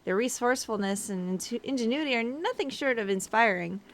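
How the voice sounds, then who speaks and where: A woman voicing a small, eager young female shopkeeper, gushing and excited. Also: a little high, brisk.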